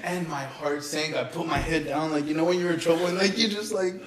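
Excitable young man, echoey and distant. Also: on the high side, brisk. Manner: excitable, laughs through his story, many "like" fillers. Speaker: podcast co-host. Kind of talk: casual storytelling chat. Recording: roomy echo, off-mic, crowd noise behind.

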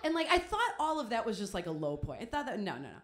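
A woman's voice: mid-range voice, very animated, quick pace, fairly bright tone. A young woman telling a comic personal story on stage, chatty and self-mocking, with many "like"s. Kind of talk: live comedic storytelling.

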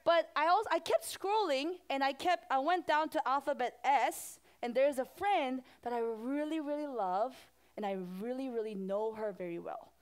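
High-voiced woman pastor talking to kids. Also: normal speed, hardly any pauses, clear, resonant tone. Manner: animated, asks the children questions. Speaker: children's pastor. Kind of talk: children's sermon.

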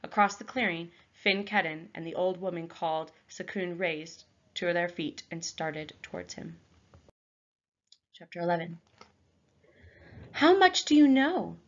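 A woman's voice: lowish voice, unhurried, highs cut off. Woman teacher reading a story aloud. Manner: expressive storytelling.

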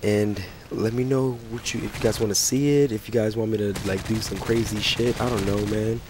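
A young man with a sick, hoarse voice, ranting and swearing through casual gameplay commentary. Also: lowish voice, fairly even intonation, a little fast, darkish tone, a little hiss or hum. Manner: profane, ranting, frustrated. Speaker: gaming channel host.

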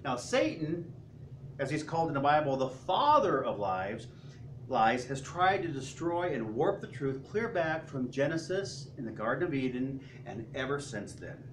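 A man's voice: mid-range voice, very animated, moderate pace, slight background noise. A male pastor preaching a sermon, telling stories animatedly and asking rhetorical questions. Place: church sanctuary. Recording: roomy, distant church sound with faint ambience.

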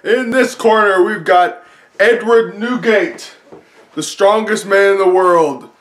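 A man putting on the voice of a loud male pirate ring announcer, stretching his words in a booming delivery. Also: takes it slowly. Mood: hyped. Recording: roomy echo.

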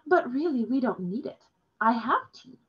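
A woman reading aloud and voicing a polite, gentle woman who speaks softly and slowly. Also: fairly high pitch, sing-song, breathy edge, pitched above the performer's own voice, heavily acted. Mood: gracious, polite. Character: polite gentle adult woman, a kindly host. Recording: dull lo-fi recording.

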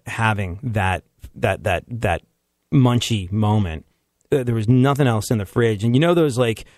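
A man's voice: medium pitch, darkish tone, no echo, studio quality. A man hosting a casual comedy podcast, rambling through stories with frequent laughs and restarts. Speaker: podcast host.

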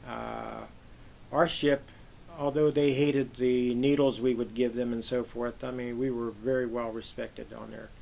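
An older man from Pennsylvania, a Navy veteran, telling lively anecdotes in an oral history interview and acting out the voices he quotes. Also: medium pitch, a little slow, vocal fry, slight background noise, poor audio. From Pennsylvania, USA.

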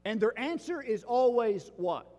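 A man's voice: extremely high pitch, lively intonation, measured pace, warm tone, big-room sound, muffled recording. A man preaching a sermon as pastor, driving his points home with repeated rhetorical questions.

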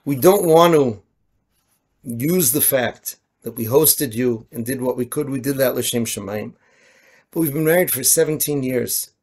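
Male rabbi, storytelling sermon, slightly raspy voice, acts out the quoted characters. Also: medium pitch, a little slow, a little mellow. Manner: storyteller voicing quoted characters, mixing Yiddish and Hebrew terms.

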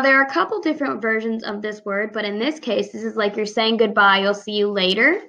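Woman, primary teacher, clear and deliberate, higher voice, slightly muffled recording. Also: pushed and bright. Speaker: first grade teacher. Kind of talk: reading aloud and teaching sight words.

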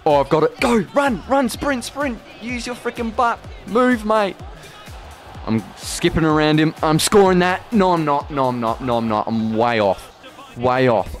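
A young man commentating his own football video game play, excitable and boastful, shouting when he scores. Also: medium pitch. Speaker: gaming YouTuber. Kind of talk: live gameplay commentary.

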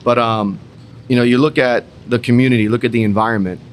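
A man's voice: medium pitch, steady tone, quick pace, a little hiss or hum. Emphatic, profane young man telling a story. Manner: emphatic, repetitive, mildly profane. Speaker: entrepreneur in a roundtable. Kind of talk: casual roundtable storytelling.

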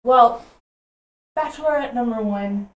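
Female improv contestant, drawn-out playful questions; distant, roomy sound. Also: on the high side. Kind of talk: improv comedy. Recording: echoey stage from afar.

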